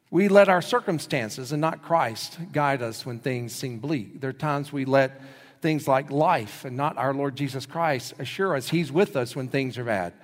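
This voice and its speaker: A male pastor preaching a sermon, telling stories and acting out the quoted voices in them. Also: a little high. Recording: long hall reverb.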